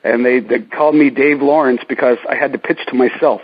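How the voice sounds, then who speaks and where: A man's voice: medium pitch, steady tone, brisk, husky, lo-fi sound. A man being interviewed about his career, telling stories casually with many restarts and fillers. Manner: rambling, many ums and restarts. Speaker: ring announcer guest.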